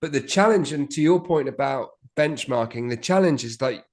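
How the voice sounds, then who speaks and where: A man's voice: mid-range voice, expressive, normal speed. A man co-hosting an online business course, talking things through in a conversational way with a few hesitant restarts. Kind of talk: online teaching discussion.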